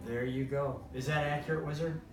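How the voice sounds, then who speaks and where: A man's voice: a little high, steady tone, brisk, distant mic. A man in casual chat who keeps asking questions and steering the talk back, heard from afar. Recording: echoey room from afar with noise.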